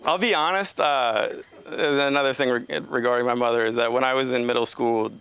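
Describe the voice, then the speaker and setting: Gravelly-voiced rambling comic. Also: male voice, mid-range voice, fairly even intonation, a little fast, fairly bright tone, no room sound. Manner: rambling, cracks himself up. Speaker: stand-up comedian. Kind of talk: stand-up set. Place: comedy club stage.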